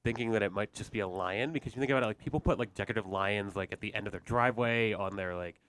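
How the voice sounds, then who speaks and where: A man appearing as a podcast guest, talking in a relaxed, jokey way. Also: lowish voice, rapid-fire. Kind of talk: casual podcast chat.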